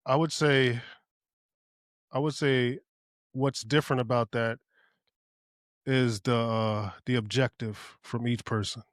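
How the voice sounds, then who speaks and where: A man's voice: mid-range voice, steady tone, slow pace, pauses often, dry recording, studio quality. Musing, hesitant male podcast co-host. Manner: musing, hesitant, thinks aloud with fillers and restarts, profane. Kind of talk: casual opinion podcast.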